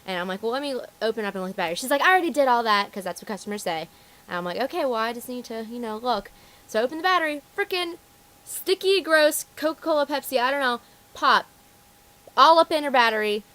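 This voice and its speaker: A woman's voice: fairly high pitch, quick pace. Young woman ranting about retail customers. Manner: animated storytelling, acting out customers' voices. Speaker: retail phone store worker. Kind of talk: casual vlog rant.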